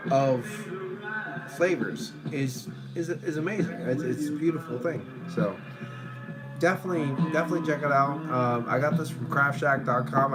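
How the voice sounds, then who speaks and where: A man casually reviewing a beer on a live stream at home, rambling, swearing, and now and then breaking into shouts at viewers. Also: medium pitch, poor audio.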